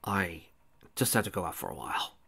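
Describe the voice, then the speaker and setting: Male reader voicing a hushed, evasive young man; low voice; fan story reading. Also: a little fast.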